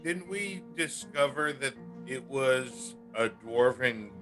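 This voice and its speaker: A man's voice: mid-range voice, animated, takes it slowly, pushed and bright, soft background music. A man chatting casually as a player in a tabletop game over an online voice call, with a playful manner.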